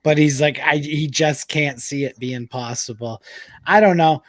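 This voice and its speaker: A man hosting a casual sports chat with friends, loud and profane, joking his way through the banter and reading an ad spot. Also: a little high, measured pace, no room sound. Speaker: podcast host.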